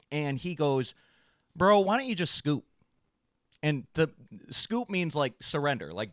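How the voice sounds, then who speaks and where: A man co-hosting a casual podcast, telling a story with a pitch that swings all over the place. He acts out what people said in a raised voice. The sound is dry and close. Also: no echo. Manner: animated, acts out quotes in a raised voice. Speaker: podcast co-host. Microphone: studio podcast mic.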